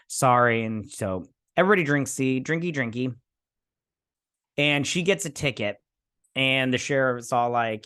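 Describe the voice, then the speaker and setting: Rambling man recapping with quick impressions. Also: mid-range voice, a bit bright. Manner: rambling, acts out characters' lines in quick impressions. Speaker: show reviewer. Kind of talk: casual episode recap.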